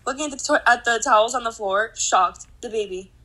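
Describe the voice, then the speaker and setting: A woman's voice: fairly high pitch, a little fast, pushed and bright, breathy edge, poor audio. A woman in her twenties hosting a podcast, chatting casually and cursing, with lots of "like" in her speech. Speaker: podcast host. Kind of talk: casual chat.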